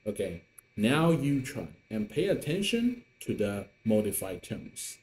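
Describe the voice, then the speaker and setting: Slow, patient male teacher. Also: lowish voice, very animated, darkish tone, a little hiss or hum. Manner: slow, patient, with many fillers and drilled repetitions. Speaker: Mandarin teacher. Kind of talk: online language lesson.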